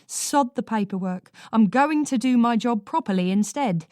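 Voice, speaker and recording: A woman reading a first-person thriller audiobook in a measured, dry storytelling manner. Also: fairly high pitch, animated, darkish tone, no room sound. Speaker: audiobook narrator.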